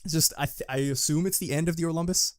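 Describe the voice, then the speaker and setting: A man co-hosting a casual fan podcast, excitable and quick to laugh. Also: on the high side, no echo, studio quality. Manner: laughs often, excitable, loose. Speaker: podcast co-host.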